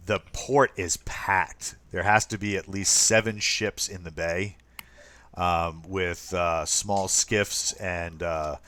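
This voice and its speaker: Low-voiced man narrating a tabletop game. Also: pushed and bright, slight background noise. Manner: halting, many ums and uhs. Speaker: game master.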